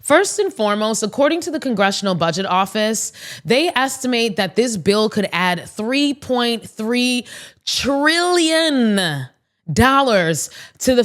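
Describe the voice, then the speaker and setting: A woman's voice: on the high side, animated, a little slow. Outspoken woman podcast host. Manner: blunt, outspoken, swears freely; talks straight to listeners. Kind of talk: casual political commentary.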